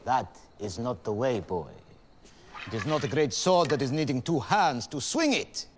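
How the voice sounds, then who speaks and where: Flamboyant male fencing master, played by an actor: big Mediterranean accent, lively, swooping delivery. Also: medium pitch, moderate pace, a little hiss or hum, natural voice. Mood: instructing. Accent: over-the-top Mediterranean, Greek-based. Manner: theatrical, commanding instructor. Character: flamboyant male dancing master, swordplay teacher.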